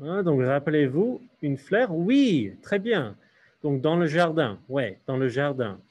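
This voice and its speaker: A man's voice: a little high, sing-song, unhurried, a little mellow, breathy edge. A man teaching a hybrid French class, switching between English and French and asking the students questions.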